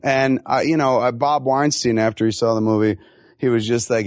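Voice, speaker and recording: A middle-aged man in a casual interview, telling animated stories and swearing freely. His voice sits at a middle pitch. The sound is dry, with no room echo. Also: normal speed. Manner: animated, profane storyteller who acts out quotes. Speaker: film director being interviewed.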